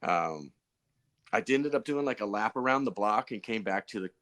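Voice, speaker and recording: A man's voice: lowish voice, expressive, moderate pace, fairly bright tone. A man, a pro BMX racer guest on a podcast, telling stories in a loose, rambling way full of fillers and restarts. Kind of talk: casual podcast storytelling.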